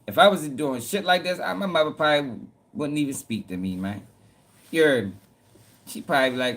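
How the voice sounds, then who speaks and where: A man's voice: fairly high pitch, animated, brisk, fairly bright tone. A man hosting casual news commentary, talking bluntly in profane slang. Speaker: host.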